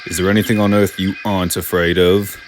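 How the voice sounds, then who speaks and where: A man voicing a big, proud male engine who loudly mocks others, in a fan storybook reading. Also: level tone, brisk, noisy background, natural voice. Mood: mocking. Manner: booming, teasing, laughing.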